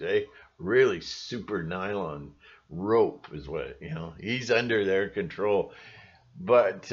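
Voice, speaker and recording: A man's voice: on the low side, dull audio. A man in a rambling, emphatic monologue, full of restarts and asides, speaking to his channel's viewers. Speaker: channel host. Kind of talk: monologue to camera.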